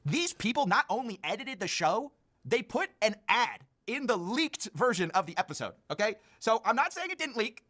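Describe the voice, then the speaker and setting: An online commentator recapping internet drama in a played video, sarcastic and quick. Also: medium pitch, big pitch swings, bright, forceful tone.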